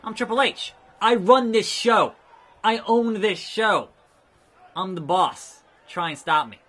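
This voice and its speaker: A man voicing a domineering older male wrestling boss, boastful and bossy, shouting. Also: high-pitched, slow pace, breathy edge, pitched above the performer's own voice, heavily acted. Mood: defiant.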